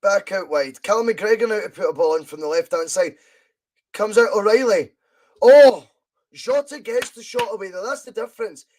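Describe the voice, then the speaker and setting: A Scottish man with a slightly higher-than-usual voice gives chatty live fan commentary on a match as a podcast host. He talks along casually, reads out viewer comments, and breaks into excited shouts whenever his side goes close. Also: brisk.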